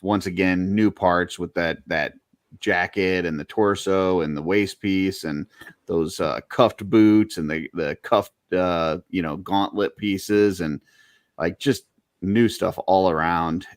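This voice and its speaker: A man's voice: deep voice, dry recording, studio quality. A man co-hosting a casual podcast, rambling through long lists with lots of fillers. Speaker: podcast co-host. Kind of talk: casual chat about collectible toys.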